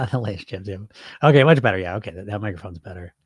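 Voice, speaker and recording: Here the host's voice is lowish and husky, with lively intonation and a fast delivery, recorded at studio quality with no room sound on a wireless mic. This weight-loss hypnosis coach reads viewer comments on his live podcast, swearing freely and speaking bluntly like a motivational coach.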